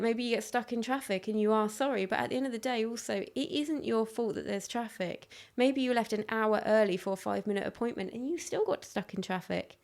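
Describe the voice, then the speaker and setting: A woman's voice: a little high, a little mellow. A woman hosting her own podcast, talking frankly and casually on her own, often acting out little exchanges. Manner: frank, chatty, with quick restarts and acted-out quotes. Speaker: podcast host. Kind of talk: casual solo podcast monologue.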